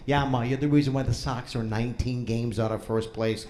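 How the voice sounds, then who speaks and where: A man's voice: medium pitch, fairly even intonation, brisk, hardly any pauses, a little mellow. A man doing a crude, teasing stand-up set with crowd work, with a hint of New in his speech. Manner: brash, crude, teasing the audience. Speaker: stand-up comedian. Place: comedy club stage before a laughing crowd.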